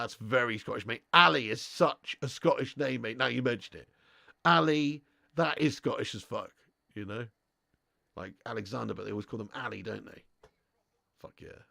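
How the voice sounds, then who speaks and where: A man's voice: medium pitch, creaky, a bit bright, dry recording, studio quality. A young man hosting a live football watch-along, bantering with his chat, swearing and laughing often.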